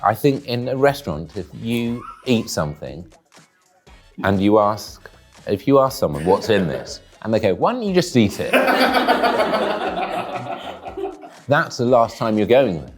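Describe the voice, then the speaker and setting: A man giving deadpan, dry, wordy commentary while tasting food in a studio. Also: fairly low pitch, normal speed, soft background music. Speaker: guest taste-testing food.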